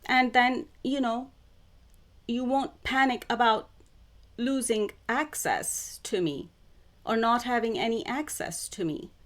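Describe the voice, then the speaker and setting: A woman who calls herself a psychic channeler, talking to camera in a spiritual monologue, with slow, deliberate phrasing that keeps circling back to the same words. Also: fairly high pitch. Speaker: self-described psychic channeler.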